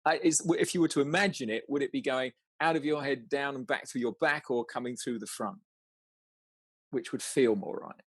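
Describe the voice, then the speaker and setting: Male coach, husky mid-pitched voice, dry close sound, stammering casual delivery with frequent laughs. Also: no room sound. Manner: halting, restarts words, laughs often, swears casually. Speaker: coach guiding an exercise. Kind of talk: casual guided conversation.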